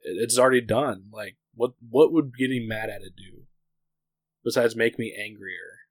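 A man's voice: mid-range voice, normal speed, dry recording, rough recording. A man in his thirties, co-hosting a podcast, talking candidly in a rambling casual chat full of "like" fillers. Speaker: podcast co-host.

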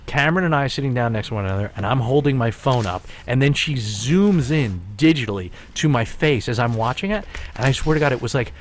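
A man in his forties telling a long story in casual podcast chat, with restarts and animated asides. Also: mid-range voice, brisk, hardly any pauses, a little hiss or hum. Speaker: podcast host.

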